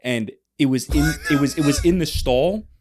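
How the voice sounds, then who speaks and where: A man's voice: a little high, normal speed, darkish tone. A man co-hosting a podcast in casual chat, rambling with lots of restarts. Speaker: podcast co-host.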